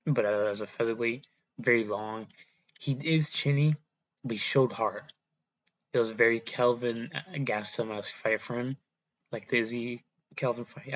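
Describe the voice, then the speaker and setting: A man's voice: mid-range voice, muffled recording. A young man casually rambling through fight predictions, often correcting himself and swearing offhand. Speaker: MMA predictions YouTuber. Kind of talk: casual fight breakdown monologue.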